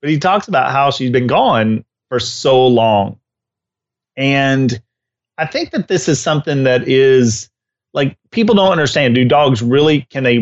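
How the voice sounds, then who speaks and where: A man who trains dogs, co-hosting a podcast in casual chat and telling stories with lively acted-out bits. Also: medium pitch, highs cut off. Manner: animated storyteller who acts out scenes. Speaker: dog trainer and co-host.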